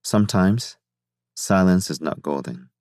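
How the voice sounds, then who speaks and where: A jovial, fatherly older scientist with a rich laugh behind his words, teasing a younger colleague in an audiobook scene, as a male narrator puts him on. The voice sits low and close, with a dry, dead studio sound. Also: animated, a little slow, a little mellow, dry recording. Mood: coaxing.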